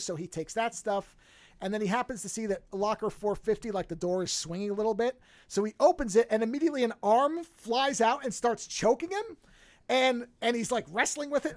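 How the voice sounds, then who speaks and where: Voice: medium pitch, no room sound. A podcast host casually recapping a film, rambling and swearing freely while acting out the characters' lines. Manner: profane, rambling storyteller who acts out quoted lines.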